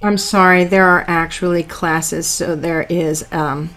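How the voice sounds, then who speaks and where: A middle-aged woman co-hosting a podcast in casual chat, telling stories with animated acted-out quotes, speaking from a dance studio. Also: lowish voice, unhurried. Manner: animated storyteller who acts out her own quotes.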